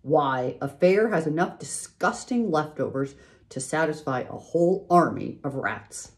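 A sly, worldly old sheep in a storybook, talking up a tempting picture and savoring each item, played by a woman. The voice is a touch louder and brighter than a plain reading. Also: deep voice, lively intonation, unhurried. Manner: tempting, relishing lists.

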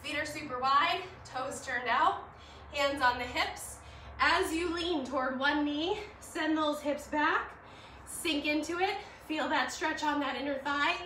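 High, bright woman leading a workout. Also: measured pace, slight background noise. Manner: upbeat, encouraging, laughs at herself. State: slightly winded. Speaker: fitness instructor. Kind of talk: guided home workout instruction. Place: living room at home. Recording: echoey room, mic at a distance.

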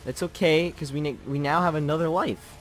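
A young man playing a video game and commenting as he plays, muttering pep talks to himself and repeating words in quick bursts. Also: fairly high pitch, fairly even intonation. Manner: swings from muttered self-coaching to yelling in frustration. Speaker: gaming channel host. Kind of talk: live gameplay commentary.

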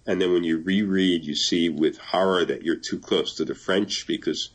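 Low husky older man, thoughtful. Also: steady tone, normal speed. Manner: thoughtful, reads aloud, laughs often. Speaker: translator and guest. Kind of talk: conversational interview.

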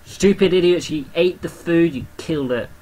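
A young man giving casual game commentary, excitable, swearing often and talking to the creatures on screen. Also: on the high side, moderate pace, rough recording. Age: young adult. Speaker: gamer commentator.

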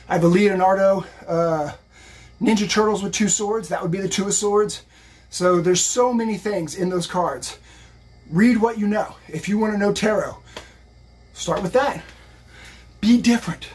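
A man's voice: sits high, slightly rough. A man giving a casual, motivational live-stream tarot reading while lifting weights, rambling and upbeat. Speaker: psychic and fitness streamer.

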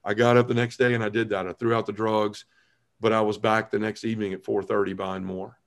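Acting out the person he once was, this man in his forties shares his conversion story as a podcast guest, animated and sincere. The voice is lowish, and the delivery runs a little quick.

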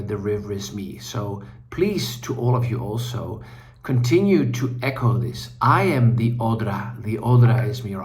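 A man's voice: medium pitch, a little mellow. Earnest Dutch man giving a video message. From Netherlands. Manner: earnest, appealing, searching for words. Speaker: human rights lawyer answering questions.

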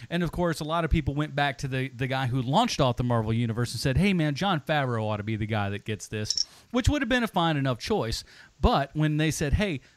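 A man's voice: mid-range voice, no echo. A man co-hosting a movie podcast, rambling and joking in casual chat. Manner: animated, rambling, jokey asides. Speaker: podcast co-host.

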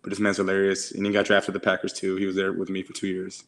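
A young man in his twenties with a lowish voice co-hosts a casual podcast. He rattles through stories quickly in a flat tone, slangy and profane, leaning on "like" constantly. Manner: slangy, profane storytelling with many "like"s. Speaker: podcast co-host. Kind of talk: casual chat.

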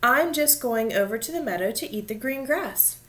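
A tiny billy goat pipes up in a high, squeaky little voice, timid but quick-witted, as a woman reading a storybook puts him on. He sounds small and young next to everyone else. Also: animated, fairly bright tone. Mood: polite. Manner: high piping voice.

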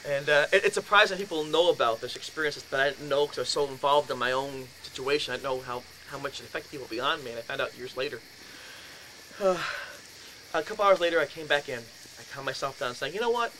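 A man in his fifties telling a ghost story to an audience, acting out his own voice with shouts and laughs. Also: medium pitch, fairly quick. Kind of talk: animated storytelling lecture. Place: lecture in a house. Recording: noisy room recording.

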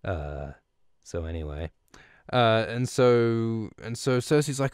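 Rambling, low-voiced male podcast host. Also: big pitch swings, slow, clear, resonant tone, no echo, studio quality. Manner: rambling, profane, many restarts. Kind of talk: casual recap of a book chapter.

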